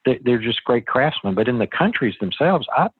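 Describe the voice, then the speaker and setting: A man's voice: mid-range voice, big pitch swings, brisk, husky, dry recording. Chatty man on a tinny phone line. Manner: chatty, folksy storyteller with many restarts. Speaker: real estate investor guest. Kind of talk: casual interview talk.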